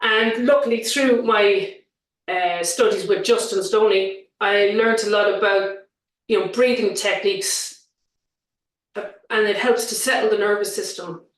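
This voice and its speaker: An animated woman vocal coach talks through her work in a relaxed interview. Her voice sits at a middle pitch. It sounds roomy and a little set back from the microphone. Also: a little slow, far from the mic. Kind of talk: casual interview chat.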